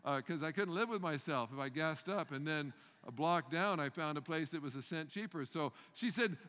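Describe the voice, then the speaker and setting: Older man, high bright voice, animated storyteller, stammers, long hall reverb. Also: moderate pace. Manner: animated, acts out the panicked scenes loudly, stammers and repeats words. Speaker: speaker telling a personal story. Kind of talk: humorous storytelling talk.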